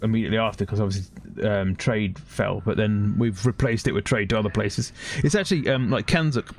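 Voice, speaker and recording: British man, young, casual rambling chat, game stream, soft hiss behind. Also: fairly low pitch, a little fast. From Britain. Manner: rambling, chatty, laughs at his own points. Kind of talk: casual chat while gaming.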